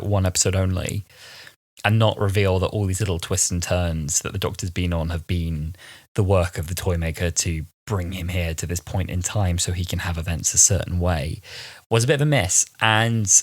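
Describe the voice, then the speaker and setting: A man's voice: sits low, no echo. A man in his twenties co-hosting a podcast, chatting casually and acting out his own reactions with lots of fillers. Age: 20s. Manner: animated, full of fillers and acted-out reactions. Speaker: podcast co-host. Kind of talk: casual chat.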